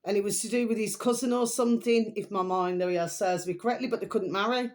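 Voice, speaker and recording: A middle-aged woman talks to her viewers in a loose, rambling monologue. She circles back on herself, repeats her favourite phrases and leans hard on the points she wants to make. Her voice sits at an ordinary pitch for a woman. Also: quick pace. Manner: rambling, chatty, repeats pet phrases, emphatic. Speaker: vlogger host. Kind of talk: casual opinion monologue to camera.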